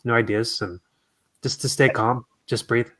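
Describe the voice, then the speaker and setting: A man speaking as a guest in a casual interview, talking in an earnest, reflective, soft-spoken way. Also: medium pitch, fairly even intonation, normal speed. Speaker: guest singer.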